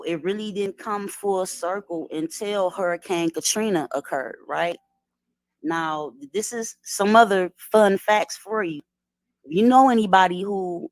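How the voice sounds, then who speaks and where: A woman from lays out her points, relaxed and conversational. She keeps checking in with her listener. The sound is close and dry. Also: lowish voice, no room sound. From Detroit, USA. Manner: explanatory, asks "right?" often, street slang. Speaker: guest. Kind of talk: casual conversational lecture.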